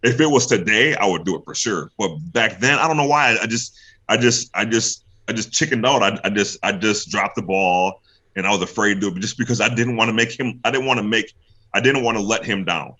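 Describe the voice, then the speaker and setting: Animated, bright-voiced man telling stories. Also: fairly low pitch, a little fast. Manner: animated, acts out other people's lines, laughs often. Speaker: guest, pro wrestler. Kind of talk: casual interview storytelling.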